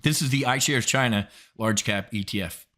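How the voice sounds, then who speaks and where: A man's voice: medium pitch, moderate pace, pushed and bright. A middle-aged American man hosting market commentary, blunt and emphatic, swearing freely and dropping sarcastic asides.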